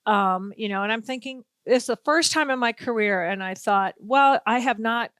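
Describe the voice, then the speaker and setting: A woman's voice: a little high, normal speed, clear, resonant tone, no echo, clean studio sound. A woman hosting a sports talk show, telling stories in casual chat and acting out what people said. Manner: animated storyteller, acts out quotes. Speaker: sports radio host.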